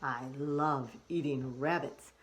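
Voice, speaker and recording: A woman voicing a hungry, boastful wolf in a storybook, speaking slowly with playful menace. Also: rumbling low, a little hiss or hum. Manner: slow, drawn-out, playfully menacing.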